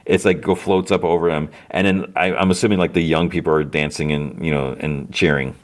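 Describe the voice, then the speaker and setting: A man's voice: very deep voice, steady tone, a little fast. A man hosting a podcast, casually recapping a TV episode in a rambling way, full of fillers and self-corrections. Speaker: podcast host.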